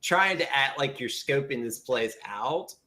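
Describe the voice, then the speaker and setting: A man narrating as game master in a tabletop game, halting and filler-heavy. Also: medium pitch, lively intonation, crowd noise. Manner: halting, with many fillers and restarts.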